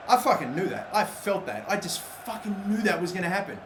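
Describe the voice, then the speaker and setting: A man's voice: high-pitched, fairly quick, few pauses. Echoey, foul-mouthed young male gamer. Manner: swears constantly, swings between exasperated and excitable yelling. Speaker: gaming channel host. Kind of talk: live football game commentary. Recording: echoey room with faint background noise.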